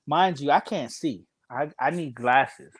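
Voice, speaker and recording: Man, loud animated storyteller, slightly high voice, casual podcast chat, laughs a lot. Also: measured pace, slightly rough. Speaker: podcast guest telling stories.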